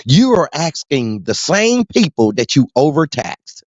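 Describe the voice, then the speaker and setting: A man's voice: a little high, very animated, unhurried, no echo, muffled recording. A man hosting a podcast in a loose, profane monologue, laughing often and calling out to his listeners. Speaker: podcast host.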